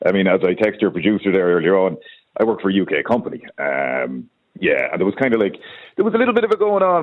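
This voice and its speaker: An Irish man calling in to a radio show, telling easygoing stories. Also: on the low side. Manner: lively, easygoing anecdotes. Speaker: radio caller. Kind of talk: casual phone-in chat. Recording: tinny phone line.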